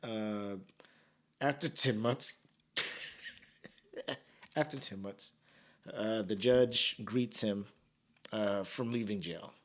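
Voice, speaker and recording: A man's voice: on the low side, takes it slowly, long pauses. A man hosting a podcast, talking casually in slang and laughing often as he comments. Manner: laughs a lot, slangy and animated. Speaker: podcast host.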